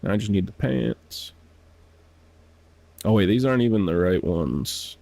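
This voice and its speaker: A man's voice: on the low side, animated, measured pace, creaky, warm tone, dry recording. A man streaming a game, chatting casually to himself, laughing often and sounding out foreign words. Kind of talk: casual gameplay commentary.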